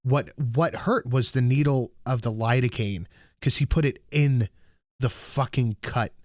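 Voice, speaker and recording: A male streamer talks casually and rambles through a story, swearing freely and breaking off to answer chat. His voice sits at an ordinary middle pitch. The sound is close and dry, with no room around it. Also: measured pace, darkish tone, dry recording. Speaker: livestreamer.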